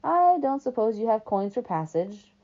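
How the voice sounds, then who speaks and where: A woman voicing a smooth, greedy male ferryman of the dead, with a put-on British-like accent, drawling sweetly and coldly. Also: on the high side, sing-song, moderate pace, a little mellow. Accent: put-on British-like accent, as a second language. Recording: dull lo-fi recording.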